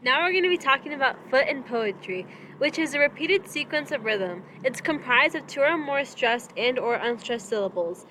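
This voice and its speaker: A woman's voice: high voice, expressive, moderate pace, pushed and bright, a little hiss or hum. A young woman presenting a poetry lesson from notes, tripping over technical words and giggling at her slips. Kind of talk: reading a prepared lesson.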